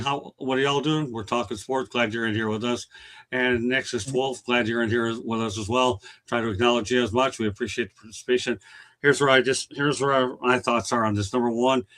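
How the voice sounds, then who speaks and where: A man's voice: medium pitch, bright, forceful tone. A man hosting a sports talk show, arguing his point emphatically and insistently. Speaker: host.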